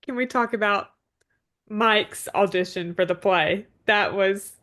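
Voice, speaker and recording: A woman co-hosting a relaxed podcast, recapping a TV episode scene by scene in an ordinary mid-range voice. She keeps the chat moving with frequent quick agreements. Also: mid-range voice. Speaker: podcast co-host.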